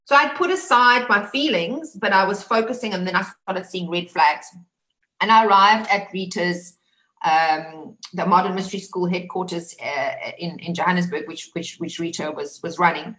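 A South African woman gives personal testimony as a survivor, her voice on the low side and a bit bright, at normal speed. She's emphatic, repeats words, and restarts often, and the recording has a roomy echo.

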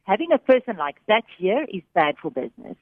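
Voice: mid-range voice, very animated, fairly quick, no echo. A storyteller voicing an impatient, snobbish cafeteria manager who speaks curtly. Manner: impatient, curt. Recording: phone-like radio broadcast.

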